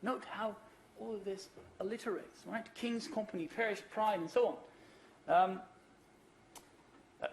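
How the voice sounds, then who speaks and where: A man's voice: high voice, unhurried, gravelly, long pauses, slight background noise. A man giving a keynote conference lecture, explaining patiently with fillers and rhetorical questions, and reading verse aloud with an emphatic rhythm. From Netherlands.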